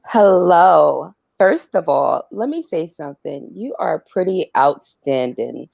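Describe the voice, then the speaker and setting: A woman's voice: sits low, very animated, measured pace, gravelly, breathy edge, no room sound, muffled recording. A woman calling in to a live stream, speaking in an earnest, supportive way. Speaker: caller. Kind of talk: call-in comment on a live stream.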